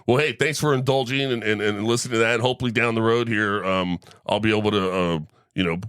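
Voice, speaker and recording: Man, middle-aged, podcast host, lowish voice, dry close sound, animated storyteller. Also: fast, clear, resonant tone, no room sound. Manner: animated storyteller, tag questions like right?. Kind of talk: casual storytelling chat.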